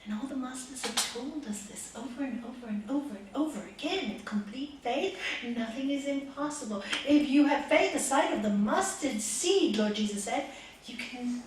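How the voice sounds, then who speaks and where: A woman's voice: high voice, moderate pace. Echoey, distant woman meditation teacher. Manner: swings between loud emphasis and soft, hushed asides. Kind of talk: spiritual talk with storytelling. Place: meditation centre room with a group. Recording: echoey room, voice from a distance, faint hiss.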